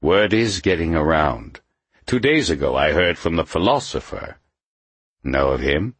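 A suspicious, grim-edged leader of the underground, speaking in a silky hiss, as a male audiobook narrator voices him. His voice sits higher than the narrator's own, husky and slow. The delivery is dry and close, an audiobook character. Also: animated, fairly bright tone, dry recording, full character voice. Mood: sardonic. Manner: silky hissing voice.

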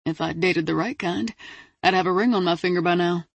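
A woman's voice: on the low side, brisk, gravelly, no echo. Woman voicing a teasing man at dinner. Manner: teasing, easygoing. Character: flirtatious teasing adult man dining companion. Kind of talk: audiobook character voice.

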